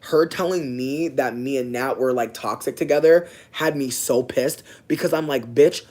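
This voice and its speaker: A young man telling a personal story in a casual, profane, slangy way, swinging from low asides to loud, animated outbursts. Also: normal speed. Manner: breaks off to talk to passersby.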